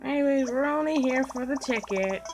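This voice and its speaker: A woman's voice: high-pitched, moderate pace, background noise. A woman casually commenting while she plays a video game, teasing and joking about the game's characters. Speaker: gameplay video host. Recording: game music playing clearly underneath. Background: game music.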